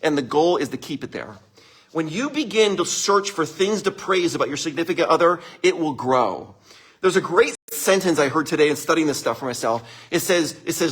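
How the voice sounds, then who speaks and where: A man giving a relationship talk to a live audience. His voice sits a little high and a bit husky, with a lively, swinging delivery. He laughs often and keeps checking in with his listeners. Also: brisk. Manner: animated, laughs often, addresses listeners directly. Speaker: speaker presenting relationship advice.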